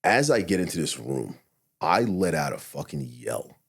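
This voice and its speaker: A man's voice: sits low, big pitch swings, normal speed, creaky, breathy edge. A middle-aged man, a podcast guest, telling a personal story candidly, swearing often and acting out his own thoughts as quotes. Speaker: podcast guest, retired SWAT officer.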